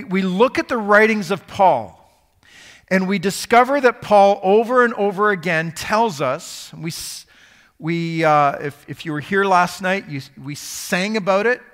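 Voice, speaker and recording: A man preaches with a high, bright voice, keeping the sermon loose and conversational as he quizzes the crowd. His words ring out with the long reverb of a big hall.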